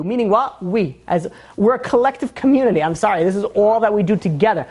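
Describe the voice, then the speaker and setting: A rabbi leads a relaxed Torah class in a lively, joking manner. The man jumps into different voices to act out the people in his story, then drops back into his easy teaching tone. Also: high voice, brisk, few pauses. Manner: animated and joking, acting out quotes in character.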